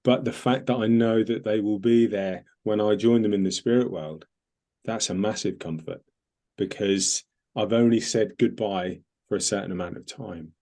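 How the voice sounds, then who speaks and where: A man's voice: on the low side, fairly even intonation, normal speed, mellow. A man, a medium hosting a casual talk, speaking earnestly and reflectively with many fillers. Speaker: host, medium.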